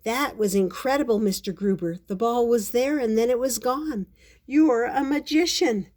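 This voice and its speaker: Grandma doing a polite young bear, earnest, eager, kinda higher pitched. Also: female voice, lively intonation, a little slow, a little mellow.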